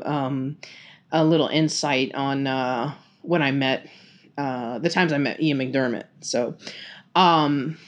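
A low-pitched woman with a Texan accent hosts a casual podcast. She chats her way through a story with plenty of ums and laughs. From Texas. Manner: chatty, many fillers, laughs often. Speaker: podcast host.

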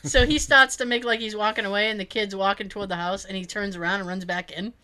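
A woman chatting casually, telling an animated story and acting out the people in it, laughing often. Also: mid-range voice, quick pace. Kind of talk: casual chat.

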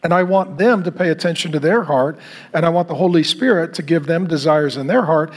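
A man's voice: on the high side, brisk. A middle-aged man preaching to a men's group, telling stories and acting out the people in them with asides to the group. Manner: animated storytelling, acting out quotes with asides to the group. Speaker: pastor leading a men's group. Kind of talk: sermon.

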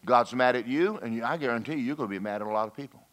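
A man preaching a lively sermon, folksy and animated, slipping into mock voices and asides to the congregation. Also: medium pitch, rapid-fire. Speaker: pastor.

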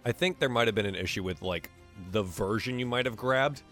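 A man chatting casually as a player at a tabletop game, quick and offhand. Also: medium pitch, fairly bright tone, faint music behind.

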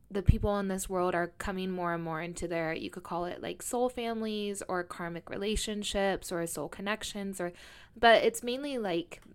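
A woman's voice: on the low side, smooth. A woman hosting a podcast, chatting casually in a loose, reflective way with trailing phrases.

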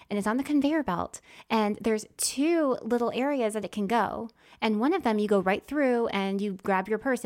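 A woman telling a story in casual chat, swinging from whispers to loud exclamations as she acts it out. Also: medium pitch.

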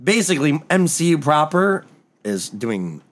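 A man's voice: fairly high pitch, big pitch swings, unhurried. A man co-hosting a podcast in casual chat, explaining comic lore at length in a knowledgeable way. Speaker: podcast co-host.

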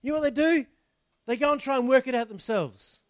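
High-voiced pastor preaching. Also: male voice, a little fast, dry recording. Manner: chatty, explains the text and asks the congregation rhetorical questions. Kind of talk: conversational sermon.

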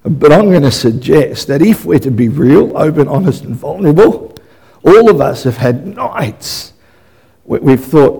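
A male pastor preaching a sermon in a church, swinging between loud, fervent bursts and hushed moments and often repeating words as he restarts a thought. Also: on the high side, animated, unhurried, vocal fry, slightly rough.

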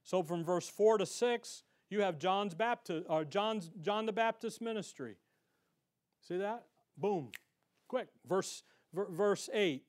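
A male Bible teacher leads a verse-by-verse lesson in a fairly high voice. He talks with punchy energy and keeps firing rhetorical questions at his class. He reads scripture passages aloud between his points. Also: takes it slowly.

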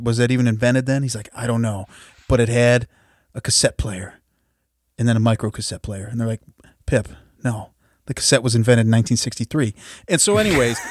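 A young man on a podcast, playfully recapping a film and laughing as he goes, with quick silly voices for the characters. His voice is at a middle pitch. The recording is dry and close. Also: no echo. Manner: playful, laughing storytelling with quoted asides. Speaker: podcast co-host. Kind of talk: casual movie recap chat.

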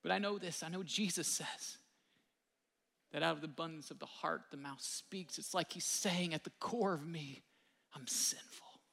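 A man preaches with an animated, chatty delivery, his voice high for a man and bright in tone. His words ring out through the long reverb of a large hall. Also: moderate pace, gravelly. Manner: animated, conversational preaching with many fillers. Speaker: pastor. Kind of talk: sermon.

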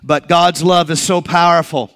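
A man's voice: fairly high pitch, fairly even intonation, normal speed, fairly bright tone. A middle-aged male pastor preaching a sermon in a conversational way, with personal asides and occasional restarts.

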